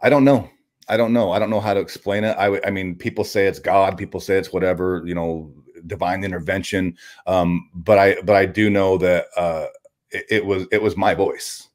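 Deep-voiced man telling a candid story. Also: steady tone, a little mellow. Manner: halting, with frequent restarts and casual swearing. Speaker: interview guest.

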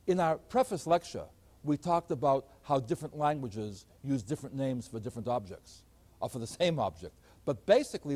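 An older man, a math professor, giving an animated lecture in a storytelling teaching manner. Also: medium pitch. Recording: older recording.

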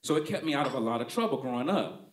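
A man's voice: mid-range voice, animated, very fast, reverberant. A male stand-up comedian telling stories in a conversational, punchy, profane way. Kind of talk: stand-up storytelling.

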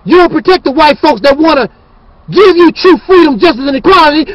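A man's voice: extremely high pitch, lively intonation, brisk, no room sound, muffled recording. A man hosting his channel, ranting in a fiery, preachy and scornful monologue. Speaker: channel host.

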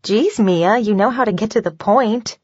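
A woman's voice: medium pitch, moderate pace, a little mellow, breathy edge, no echo, highs cut off, voice pushed up, lightly acted. A woman reading a bold, playful young hostess.

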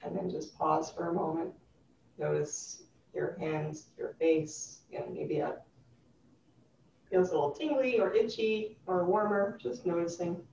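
Woman yoga teacher, lowish voice, calm breath cues, roomy echo from across the room. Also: measured pace, a little hiss or hum. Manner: calm, gently instructive cueing. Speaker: yoga instructor. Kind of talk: guided chair yoga class. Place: yoga studio room, recorded live. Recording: roomy, distant, dull live class recording.

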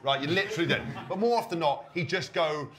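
Rapid, animated man telling stories. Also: a little high, background noise. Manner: animated, swearing, acts out quotes. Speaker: podcast co-host. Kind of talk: storytelling on a live show. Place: stage in front of a live audience.

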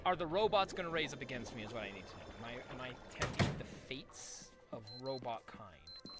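A man's voice: medium pitch, expressive, brisk. A man hosting a gaming channel, giving goofy, self-mocking let's play commentary. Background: game music.

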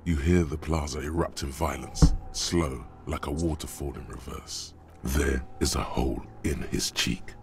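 A man voicing the grim male narrator of a detective game, slow, ominous and vivid. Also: a little mellow, slight background noise, full character voice. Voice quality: deep and gravelly. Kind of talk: dramatic scripted narration.

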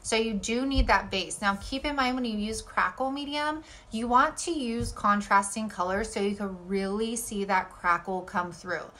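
A woman's voice: medium pitch, moderate pace, hardly any pauses, pushed and bright. A young woman, chattily narrating her craft projects as a channel host, with lots of filler words. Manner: chatty and enthusiastic, with many "like" fillers. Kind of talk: casual voice-over narration of craft steps.

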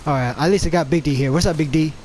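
A man giving jokey, excitable commentary while playing an online game, yelping and shouting at other players. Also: a little high, very fast, noisy background. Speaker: gamer. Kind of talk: gameplay commentary.

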